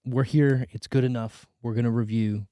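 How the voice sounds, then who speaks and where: A man's voice: medium pitch, fairly even intonation, normal speed, mellow, clean tone, dry recording, studio quality. A man hosting a movie review podcast in casual chat, a little sick and congested, rambling and joking. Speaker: podcast host.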